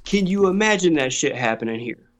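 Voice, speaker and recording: A man's voice: on the high side, lively intonation, brisk, crowd noise. A man telling a story in casual chat, swearing freely and laughing often. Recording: dull lo-fi sound.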